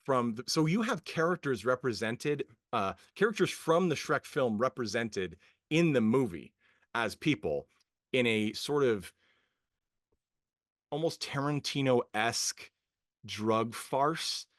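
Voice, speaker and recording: A man's voice: mid-range voice, slow pace, dry recording. Rambling amused man, dry sound. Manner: rambling, hesitant, many fillers and restarts; animated, amused, laughing often. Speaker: podcast co-host. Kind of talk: casual film review chat.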